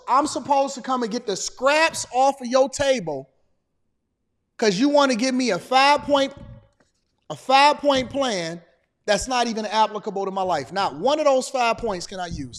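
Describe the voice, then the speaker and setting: High, lively man ranting emphatically. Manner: emphatic, repeats phrases for force. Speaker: political commentator. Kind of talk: heated political commentary.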